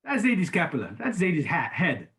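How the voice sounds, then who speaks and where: A man voicing a gentle elderly rabbi who patiently questions his little grandson. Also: fairly high pitch, wildly swooping pitch, a little fast, exaggerated voice. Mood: gently teasing.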